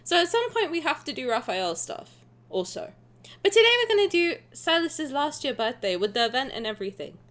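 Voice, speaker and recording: A young woman streaming a reaction to a game trailer, excitable and gushing, swearing and laughing as she talks. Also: sits high, fairly quick. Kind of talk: casual live reaction chat.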